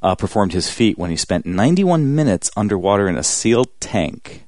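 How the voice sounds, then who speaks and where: A man with a low voice co-hosting a casual podcast. He reads out calendar facts and adds wry quips with a chuckle. The sound is dry and close. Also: sing-song, fairly quick, darkish tone, no room sound. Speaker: podcast co-host. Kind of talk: casual chat.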